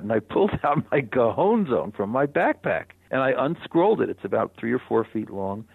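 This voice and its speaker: An older man, a radio guest, telling a personal story in a reflective, animated way with soft chuckles. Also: medium pitch, a little fast, gravelly, few pauses, breathy edge, dry recording. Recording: phone-line radio interview.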